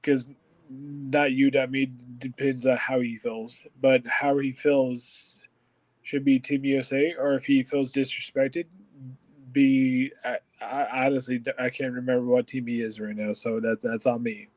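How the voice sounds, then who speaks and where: Man co-hosting sports talk, flat dry delivery. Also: mid-range voice, measured pace, dry recording, low-quality recording. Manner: excitable, stumbling restarts, repeats words. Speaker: podcast co-host.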